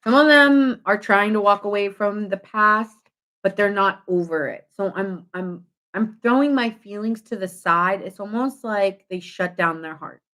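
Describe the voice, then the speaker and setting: A woman's voice: mid-range voice, unhurried. Chatty woman reading tarot. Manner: chatty and animated, many fillers, acts out quoted reactions with laughs. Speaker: tarot reader.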